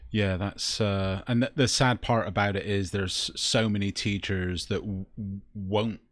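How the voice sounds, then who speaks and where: A man with a very low voice co-hosts a podcast and mostly answers with brief, affirming remarks. His voice is recorded dry and close, with no room sound. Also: steady tone, measured pace, dry recording.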